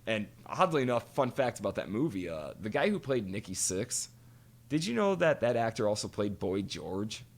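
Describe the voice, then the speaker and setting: This podcast co-host has a lowish voice and speaks at normal speed, very animated as he chats casually. He swears freely and tells stories, doing the voices of the people he quotes.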